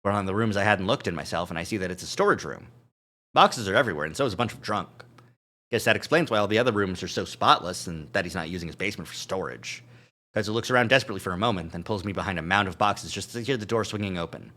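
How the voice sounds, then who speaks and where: A man's voice: deep voice, lively intonation, quick pace, bright, forceful tone. A male streamer reading a visual novel aloud on a live stream, adding joking asides. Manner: reads narration with asides and chuckles.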